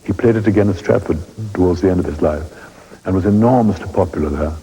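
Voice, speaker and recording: Husky-voiced older Englishman, deep and mellow. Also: quick pace, low-quality recording. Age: 80s. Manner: anecdotal, wry, chuckling storyteller. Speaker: veteran stage actor interviewed. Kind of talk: reminiscing interview.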